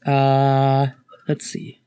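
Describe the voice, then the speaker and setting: A man narrating as game master of a tabletop game, relaxed and storytelling, slipping lightly into the gods' lines. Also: medium pitch, drawn-out words, clear, resonant tone, no room sound.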